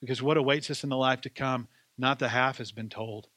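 Man, pastor, sermon, conversational storytelling, self-deprecating humor, bright tone, dry close sound. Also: medium pitch, fairly even intonation, brisk, dry recording.

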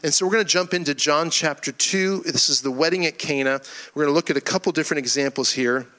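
A middle-aged male pastor from Florida delivering a sermon, telling a humorous personal story in a folksy, animated way. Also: a little high, quick pace.

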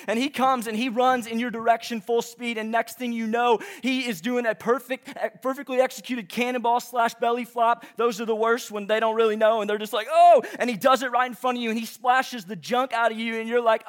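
Young man in his twenties, high voice, casual preacher, rambling and self-deprecating. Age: 20s. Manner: chatty, self-deprecating, many fillers like "like" and "um". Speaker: young adult ministry speaker. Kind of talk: casual sermon opening with stories and announcements. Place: church auditorium before a live audience.

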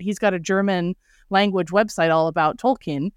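A woman's voice: mid-range voice, moderate pace, smooth, no echo, clean studio sound. Gushing woman podcast host. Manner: effusive and gushing, with frequent laughs. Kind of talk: casual podcast chat.

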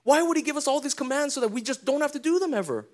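A man's voice: very high voice, lively intonation, rapid-fire. A man preaching a sermon as pastor, in a casual, conversational way with slangy asides, often putting questions to the congregation.

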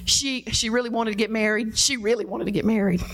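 A woman's voice: a little high, steady tone, fairly quick, a bit bright. A middle-aged woman preaching a sermon, impassioned, acting out pleading prayers and repeating her words. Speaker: preacher, pastor's wife.

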